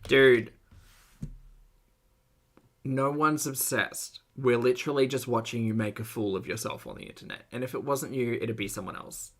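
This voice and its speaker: A man's voice: mid-range voice, normal speed, a bit bright. A man hosting a reaction commentary, dry and sarcastic, with wry asides. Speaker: commentary host.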